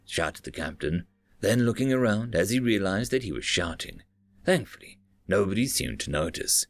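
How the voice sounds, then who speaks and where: A man's voice: big pitch swings, normal speed, vocal fry, dry recording, soft background music. Male narrator reading a sci-fi story. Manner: low, quiet dialogue tags.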